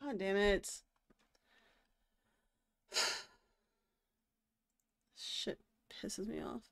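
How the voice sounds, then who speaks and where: A woman's voice: mid-range voice, very slow, a bit bright. A young adult woman streaming a game, ranting in exasperation and swearing often in casual chat. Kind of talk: casual live-stream venting.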